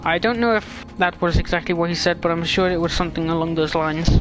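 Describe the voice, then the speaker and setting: A man streaming a story game and reading its lines aloud in a fairly high voice. He trips over words and restarts, throwing in quick jokes between the dialogue. Quiet game music plays in the background. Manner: stumbling over words, joking asides.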